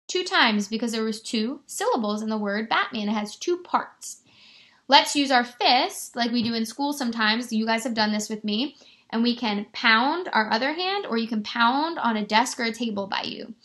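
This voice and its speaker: Bright-voiced woman teaching young kids. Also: a little high, lively intonation. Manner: slow, exaggerated word-stretching, encouraging. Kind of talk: remote lesson for young children.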